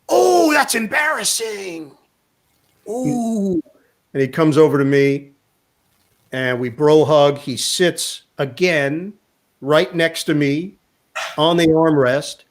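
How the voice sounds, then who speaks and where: Male sports broadcaster guest, brisk anecdotal delivery, pitch sits a touch high. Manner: animated anecdote teller, quotes others in voices. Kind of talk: casual storytelling interview.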